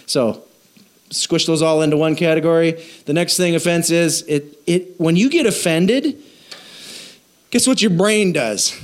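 A man preaching a sermon as pastor, animated and jokey, acting out quoted voices and asking the audience questions. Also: fairly high pitch, unhurried.

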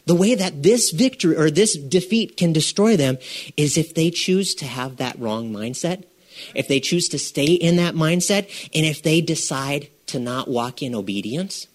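A man preaching a sermon in a lively, conversational way, asking the congregation questions and repeating phrases for emphasis. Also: on the high side, moderate pace.

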